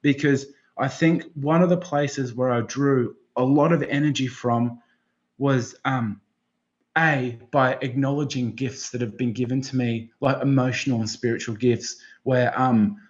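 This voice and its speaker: An excitable man chatting as a podcast guest, swearing in nearly every sentence and rambling from one idea to the next. His voice sits at an ordinary middle pitch. The recording sounds a little dull and lo-fi. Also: measured pace. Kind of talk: casual interview chat.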